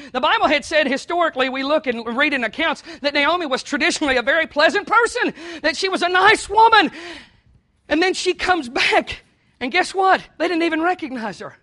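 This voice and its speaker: A man preaching a sermon, telling a story and swinging between hushed asides and shouted lines. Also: very high voice, animated, brisk. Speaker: pastor.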